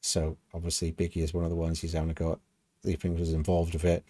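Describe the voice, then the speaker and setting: A British man talks through his reactions in a casual, rambling way, padding his thoughts with "you know." His voice sits low and mellow. The sound is dry and close. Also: monotone, fast, no echo. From United Kingdom. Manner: rambling, thinking aloud with many "you know"s. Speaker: reaction video host.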